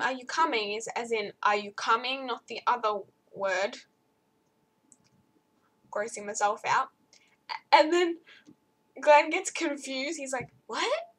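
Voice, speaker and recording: A teenage girl chatting to camera from her bedroom, rambling and jumping high when excited. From Australia. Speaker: vlogger. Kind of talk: casual chat to camera.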